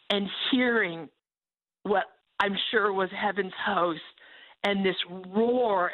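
A woman's voice: mid-range voice, no room sound. Fervent woman preaching over a phone line. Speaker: guest author. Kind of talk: testimony with a sermon-like call.

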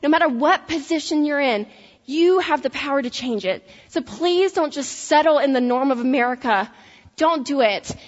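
Woman speaker with a Tennessee accent, high voice, lively and animated, talking to students in an echoey hall. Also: moderate pace. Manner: energetic, animated, laughing asides. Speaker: speaker addressing college students. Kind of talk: motivational faith-based talk. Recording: echoey hall, dull lo-fi sound.

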